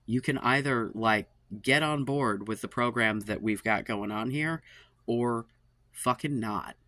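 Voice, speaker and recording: Medium in pitch and a little slow, his voice is bright and forceful, with no echo. He runs his own channel giving dating advice and delivers a fed-up, worn-out monologue to camera, swearing, sighing and trailing off.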